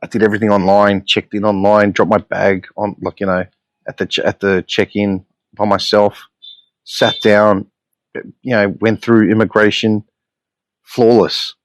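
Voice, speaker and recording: A man's voice: lowish voice, flat delivery, normal speed, no echo. An Australian man hosting a solo podcast, telling stories in a blunt, profane, exasperated way. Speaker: podcast host.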